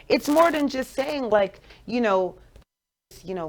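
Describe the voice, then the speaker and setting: Jamaican lady in her 40s hosting radio, playful and preachy, kinda high voice. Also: animated, normal speed. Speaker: radio show host. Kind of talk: motivational radio talk.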